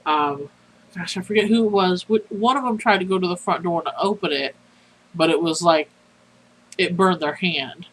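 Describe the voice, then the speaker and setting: A sleepy player casually recapping a tabletop horror game, rambling and halting. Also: medium pitch, a bit bright, low-quality recording. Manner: rambling, halting, filler-heavy.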